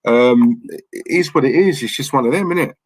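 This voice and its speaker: A man's voice: medium pitch, moderate pace, poor audio. A man hosting a live stream, chatting in a blunt, rambling way and reading out viewer messages. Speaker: livestream host. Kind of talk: casual live-stream chat.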